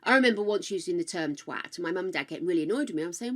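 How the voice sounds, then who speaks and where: A woman's voice: fairly low pitch, lively intonation, very fast, hardly any pauses. Frank, chatty older British woman streamer. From United Kingdom. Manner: chatty, frank and swearing freely, with playful asides to chat. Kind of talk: casual live-stream chat while gaming.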